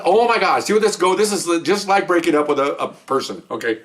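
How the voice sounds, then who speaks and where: A man's voice: on the high side, animated, fast, hardly any pauses, fairly bright tone, distant mic. A middle-aged man casually telling a story, acting out both sides of a phone call and laughing often. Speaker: podcast co-host, retired cop.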